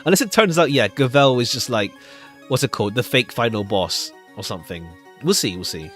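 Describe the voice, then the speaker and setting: A man's voice: medium pitch, animated, brisk. Chatty guy riffing on a game stream, voice jumps all over, music playing behind. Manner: chatty, rambling, laughs often. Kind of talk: casual game commentary. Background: background music.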